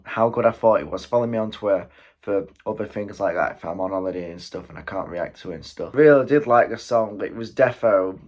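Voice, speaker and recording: Excitable British man reacting to music. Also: lowish voice. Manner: excitable, quick exclamations and chuckles. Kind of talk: casual music reaction commentary. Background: faint music playing.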